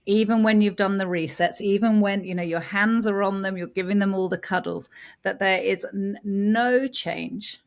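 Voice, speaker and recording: A woman who co-hosts a podcast on baby sleep, explaining slowly and hesitantly with many filler sounds. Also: medium pitch, fairly even intonation, vocal fry. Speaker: infant sleep consultant co-host. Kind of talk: casual podcast chat.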